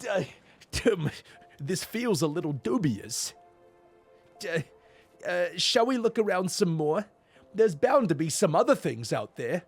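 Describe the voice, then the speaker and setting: Earnest, polite game adventurer, read by a man, high and animated. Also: a little slow, long pauses, slightly rough, faint music behind, heavily acted.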